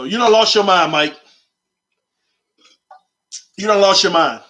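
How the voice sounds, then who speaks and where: A man's voice: sits high, sing-song, measured pace, sharp tone. A man hosting his own sports channel, arguing his points emphatically and repeating them for effect in casual commentary.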